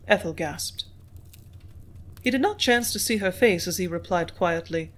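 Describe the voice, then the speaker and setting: An audiobook narrator reading a novel in scripted narration, even and steady. The voice sits at a middle pitch and keeps a level, unhurried delivery.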